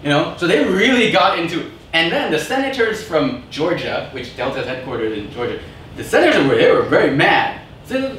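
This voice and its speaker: A man's voice: fairly high pitch, big pitch swings, normal speed, a bit bright. A man giving a conversational university lecture, often checking in with the audience and acting out quotes, recorded from a distance in an echoey room. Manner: conversational, frequent "right?" and quoted voices. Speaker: guest lecturer. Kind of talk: academic lecture. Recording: echoey room, distant mic, faint noise.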